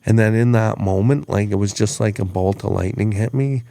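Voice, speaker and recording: A man's voice: on the low side, moderate pace, creaky, dark tone, no echo, studio quality. A man hosting a podcast, telling stories in an earnest, reflective way and often restarting his words. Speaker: podcast host. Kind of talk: reflective storytelling chat.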